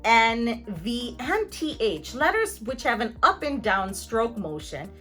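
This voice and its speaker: A woman's voice: fairly high pitch, sing-song, takes it slowly, a bit bright, soft background music. A woman pronunciation teacher explaining sounds in a scripted lesson, with playful jokes and carefully articulated example words.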